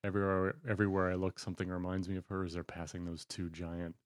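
Deep voiced podcast dude, laughs easy, dry close mic. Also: male voice, monotone, fast, no room sound. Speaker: podcast co-host. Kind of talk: casual chat.

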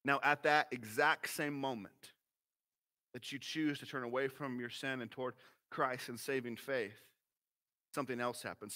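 A man in his thirties, a pastor, preaching a sermon in a folksy, animated way. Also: medium pitch. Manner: animated, folksy, acts out voices.

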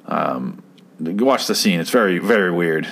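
Man with a lowish voice, casual episode recap, swears a lot, sarcastic nitpicker. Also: expressive, unhurried, creaky, a bit bright. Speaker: commentator reviewing a TV episode. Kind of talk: casual chat.

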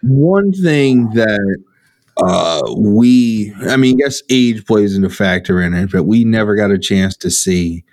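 A man co-hosting a podcast who talks in a halting, thoughtful way. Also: on the low side, lively intonation, darkish tone, no room sound. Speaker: podcast co-host. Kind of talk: casual wrestling chat.

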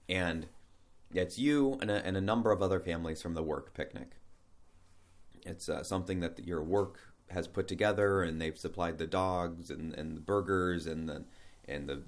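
A man talking through a personal topic in a casual spoken monologue, rambling a little, restarting his sentences and asking rhetorical questions. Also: low-pitched.

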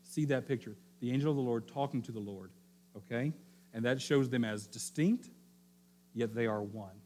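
With slight background noise, a pastor speaks at normal speed through a teaching sermon. He repeats important phrases, often checks in with listeners, and sometimes drops quiet and low to stress a point.

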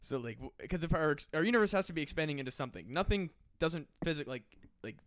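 A man talking on a podcast with a smooth voice that cracks now and then. He rambles in an excitable, profane way through big ideas. The sound is dry and close. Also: a little high, quick pace, no room sound. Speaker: podcast guest. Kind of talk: casual chat.

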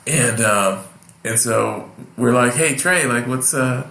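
Male guest, bright and forceful voice, rambling anecdotes in an echoey room. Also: mid-range voice, slow pace, vocal fry. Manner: rambling, animated storyteller with many fillers. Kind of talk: casual storytelling chat.

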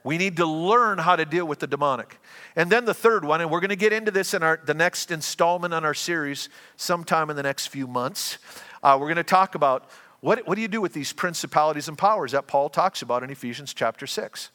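A man preaching a sermon as pastor, earnest and given to quick restarts. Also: a little high, pushed and bright, big-room sound.

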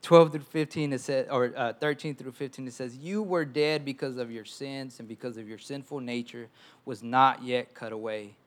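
A man's voice: medium pitch, moderate pace. A young adult man preaching a conversational sermon as pastor, often stammering and repeating words as he talks.

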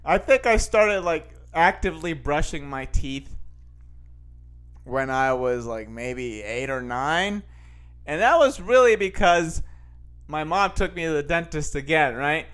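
A man's voice: on the high side, lively intonation, moderate pace, fairly bright tone, clear, resonant tone. A young man hosting a podcast, telling a rambling, self-mocking story in a casual monologue full of fillers and restarts. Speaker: podcast host.

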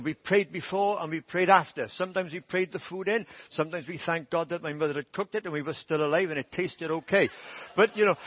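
A man's voice: high voice, husky, no room sound. A middle-aged man preaching a sermon through humorous, self-deprecating family stories. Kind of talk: storytelling sermon. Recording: dull dry church sermon recording.

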